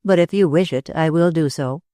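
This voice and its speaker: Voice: medium pitch, normal speed, mellow, dry recording, clean studio sound, natural voice. A narrator reading a weary, troubled young man. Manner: weary and anguished. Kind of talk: audiobook character reading.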